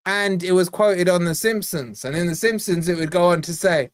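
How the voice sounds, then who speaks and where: A man hosting a football fan channel's live watch-along, bantering casually with his chat and breaking into quick play-by-play commentary. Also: high-pitched, no room sound, clean studio sound. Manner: chatty, teasing, jumps between quiz talk and play-by-play.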